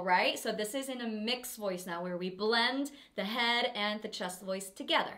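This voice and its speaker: A woman's voice: mid-range voice, normal speed. A woman who is a vocal coach, giving an upbeat and encouraging singing lesson.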